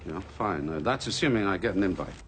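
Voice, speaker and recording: An actor playing a dry, weary middle-aged police chief in a TV drama. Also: male voice, sits low, animated, fast talker, a little hiss or hum. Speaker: senior police officer. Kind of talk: 1980s British TV drama.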